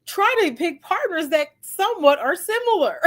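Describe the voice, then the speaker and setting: A woman hosting a relationship advice talk, telling stories casually and acting out what people said, often laughing. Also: extremely high pitch. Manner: animated, acts out quoted voices, laughs often. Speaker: host giving relationship advice.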